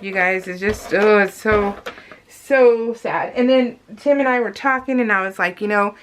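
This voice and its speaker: Chatty woman with a slightly high voice. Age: adult. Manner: chatty, rambling, addresses viewers as you guys. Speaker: scrapbooking vlogger. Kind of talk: casual chat voiced over crafting.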